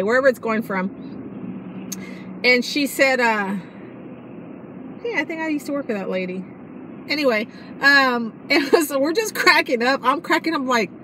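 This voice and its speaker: A woman's voice: sits high, fairly bright tone, a little hiss or hum, low-quality recording. A middle-aged woman chatting casually to camera in a vlog, rambling and laughing often. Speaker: vlogger.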